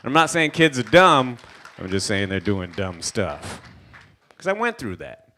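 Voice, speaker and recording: Animated Trinidadian man doing stand-up. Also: on the low side, measured pace, slight background noise. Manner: animated storyteller acting out characters. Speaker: stand-up comedian. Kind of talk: stand-up comedy set. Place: stage at an indoor gala event.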